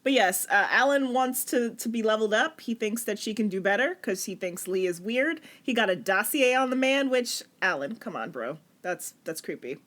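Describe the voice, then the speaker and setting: A woman's voice: medium pitch, expressive, moderate pace, few pauses, a bit bright. A woman co-hosting a casual podcast recap, chatty with slang and frequent laughter. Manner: laughs often, uses slang. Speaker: podcast co-host.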